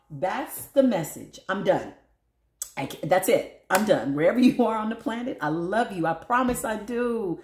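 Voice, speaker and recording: Lively tarot-reading woman, laughs a lot, voice bounces all over, roomy echo. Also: measured pace, a little hiss or hum. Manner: animated, laughing often, big pitch swings, talks to spirit and viewers. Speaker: tarot reader.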